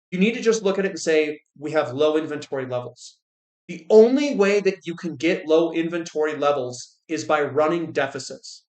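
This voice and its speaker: Male finance host, fairly high voice, blunt and exasperated, restarts a lot, echoey room. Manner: blunt, exasperated, repeats words when restarting. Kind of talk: casual commentary.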